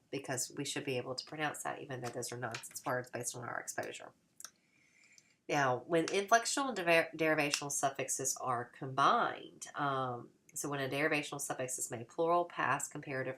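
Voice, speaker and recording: A woman with a very low, gravelly voice teaches in a recorded lecture. She explains patiently, often pausing on fillers and starting sentences over. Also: a bit bright. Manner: explanatory, with frequent fillers and restarts. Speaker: teacher trainer.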